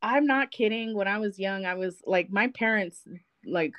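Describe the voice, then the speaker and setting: A woman's voice: mid-range voice, normal speed, no echo, highs cut off. A woman guest on a podcast telling stories in casual chat, cursing freely and laughing often.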